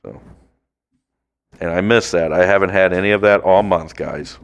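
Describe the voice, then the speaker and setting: A man co-hosting a podcast in casual, crude chat, joking around with drawn-out bits. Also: low voice, creaky, clean tone, lo-fi sound. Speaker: podcast co-host. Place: home.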